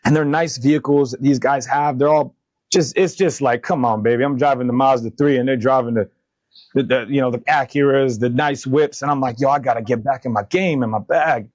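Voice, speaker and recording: A man in his thirties speaks earnestly as a podcast guest, recounting his past and acting out conversations with lively energy. His voice sits at a middle pitch. The sound is dry and close, with no room echo. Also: fairly quick. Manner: earnest, animated retelling of dialogue, faith-driven. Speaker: podcast guest, company founder. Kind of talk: candid interview storytelling.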